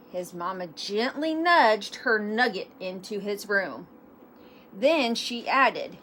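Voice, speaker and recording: A woman reading a children's picture book aloud, animated, with self-deprecating asides. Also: medium pitch, measured pace, a little hiss or hum. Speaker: storybook reader.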